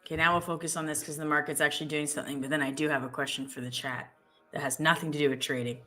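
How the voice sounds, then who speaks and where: A woman's voice: deep voice, little pitch movement, racing, bright, forceful tone, faint music behind. A woman co-hosting a live trading stream, chatting casually and thinking aloud as she trades, often correcting herself mid-sentence.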